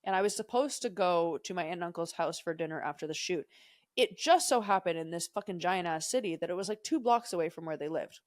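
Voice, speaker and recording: An animated, fast-talking young woman with a lowish voice co-hosts a podcast, captured in clean studio sound with no echo. Her casual story rambles, swears freely, and keeps veering off course.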